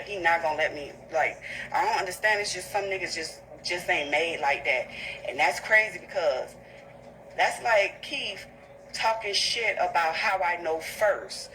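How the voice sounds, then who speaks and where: A woman talks straight into her livestream, heated and profane as she tells what happened. Her voice is bright and forward. A faint hiss sits under the recording. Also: on the low side, unhurried, poor audio. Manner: blunt, profane, heated storytelling. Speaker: livestream host. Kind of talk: casual livestream rant.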